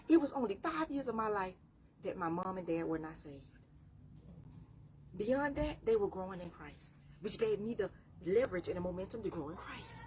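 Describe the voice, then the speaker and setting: A woman's voice: medium pitch, expressive, fairly quick, background noise. A woman life coach giving a faith-based motivational talk, preachy and repeating phrases for emphasis.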